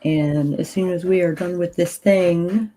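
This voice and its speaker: Woman, groggy, low mellow voice, unhurried, reads prayers aloud, casual ritual livestream. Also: steady tone, low-quality recording. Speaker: ritual leader and tarot reader.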